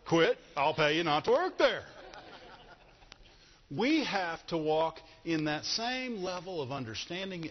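A middle-aged man preaching to a church congregation, husky and slightly raised in pitch. He talks slowly and swings his pitch a lot, asking the room questions as he goes. The recording sounds dull and rings with long hall reverb. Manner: animated, asks the congregation questions. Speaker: pastor. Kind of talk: sermon.

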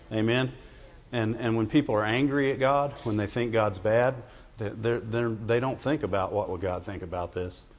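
A man preaching a conversational sermon to his congregation, often checking in with "Amen?" and "Right?". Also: medium pitch. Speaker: pastor. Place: church sanctuary. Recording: dull reverberant church recording.

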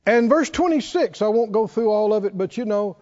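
A male preacher giving an animated sermon, reading scripture aloud and acting out the quotes. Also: high-pitched, a little fast. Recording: dull recording in a reverberant hall.

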